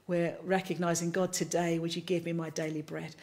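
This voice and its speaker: Woman, service leader, low-pitched, chatty and playful sign-off. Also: little pitch movement, brisk, darkish tone. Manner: chatty and playful, talks while eating biscuits. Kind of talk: casual closing remarks to an online congregation.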